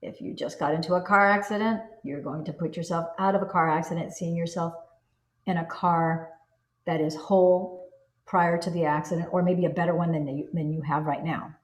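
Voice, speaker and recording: A woman's voice: on the low side, steady tone, moderate pace. Earnest woman coaching in an echoey room. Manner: earnest, coaching, acts out inner self-talk. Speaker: self-help teacher. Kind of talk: spoken self-help teaching.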